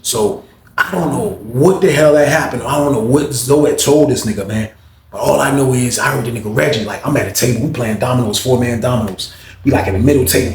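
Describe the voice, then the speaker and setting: A man telling stories from prison life in a casual, animated way, jumping up in pitch to act out other people's lines. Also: fast, reverberant, a little hiss or hum. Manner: animated, acts out others' lines in a higher, louder voice. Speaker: storyteller recounting prison life. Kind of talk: casual storytelling to camera.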